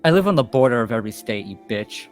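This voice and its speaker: A man's voice: mid-range voice, animated, fast, faint music behind. A man teasing his friends in casual chat before a tabletop game. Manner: teasing, mocking banter.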